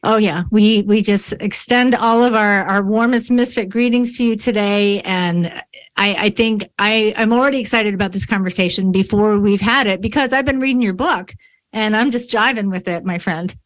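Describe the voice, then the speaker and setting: A woman's voice: mid-range voice, normal speed. A woman from New York State hosting an interview, chatty and bubbly, laughing at herself. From New York State, USA. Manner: bubbly, chatty, self-mocking. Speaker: podcast host. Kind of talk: casual interview chat.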